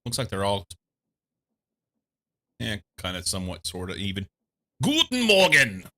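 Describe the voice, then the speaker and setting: A man from the United States streaming a game, thinking aloud in casual commentary, a little congested and quick to laugh. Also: low-pitched, steady tone, fairly bright tone. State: slightly congested.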